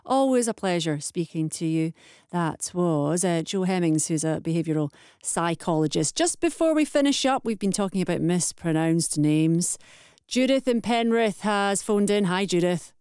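A woman hosting a radio phone-in, brisk and friendly, reading out listener messages and trailing the next show. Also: fairly low pitch, animated, darkish tone, smooth, no echo, studio quality. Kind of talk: radio presenting.

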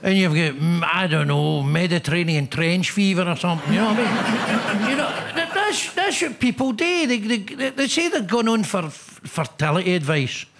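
Jokey Scottish man, high voice. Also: very animated, moderate pace, fairly bright tone, slight background noise. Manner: jokey storytelling, laughs through lines. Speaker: panel show contestant.

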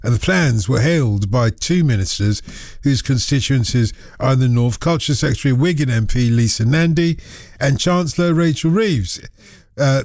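A man from northern England hosting a radio phone-in, talking in a chatty, brisk way in a studio. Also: mid-range voice, darkish tone, no echo. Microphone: studio microphone.

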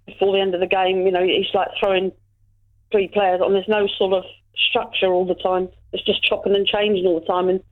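A woman's voice: mid-range voice, flat delivery, brisk. Hesitant woman caller on a phone line. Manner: hesitant, full of fillers. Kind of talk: casual phone-in chat. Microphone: telephone.

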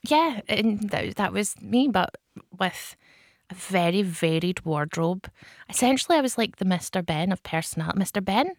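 A woman talking casually on a radio show, self-mocking and quick to laugh. Her voice sits at a middle pitch and sounds close and dry, with no room around it. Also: animated, no room sound. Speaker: radio co-host.

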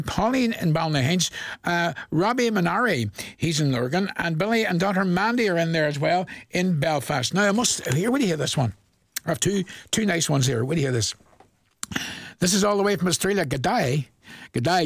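Jovial Northern Irish radio presenter. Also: male voice, fairly high pitch, animated, fairly quick, no echo. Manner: jovial, chuckling, reads dedications warmly. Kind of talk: chatty radio request show. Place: radio studio.

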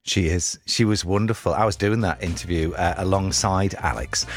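A man's voice: low voice, moderate pace. A man hosting a radio show, talking in a chatty, enthusiastic way with plenty of fillers. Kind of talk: lively radio presenting.

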